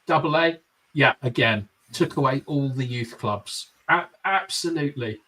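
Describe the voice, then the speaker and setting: A man's voice: mid-range voice, expressive, normal speed, pushed and bright, far from the mic, low-quality recording. A man hosting a casual live football fan show, reading out viewer comments with jokey asides. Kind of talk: casual live-stream chat.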